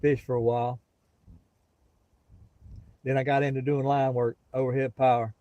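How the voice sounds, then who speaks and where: A man's voice: medium pitch, normal speed, no room sound, lo-fi sound. Folksy Southern-drawling man on a livestream. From Gulf Coast of Florida. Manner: relaxed, folksy, talks straight to viewers. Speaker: livestream host. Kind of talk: casual live-stream chat with viewers. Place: outdoors near a pasture.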